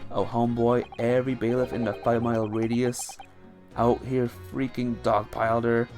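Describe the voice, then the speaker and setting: A man's voice: medium pitch, fairly even intonation, moderate pace, darkish tone, soft background music. A man giving casual, laid-back commentary while playing a game, with slangy asides. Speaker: let's play host.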